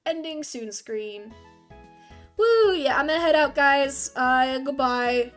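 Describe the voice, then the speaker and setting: Young woman, high voice, game streamer, casual rambling chat, self-deprecating. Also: lively intonation, takes it slowly, soft background music.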